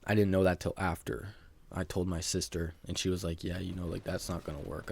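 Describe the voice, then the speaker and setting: A man's voice: deep voice, steady tone, a little fast, vocal fry, darkish tone, a little hiss or hum. A young man telling an embarrassing story from his school days in a rambling, self-mocking casual monologue, full of "like" and "bro".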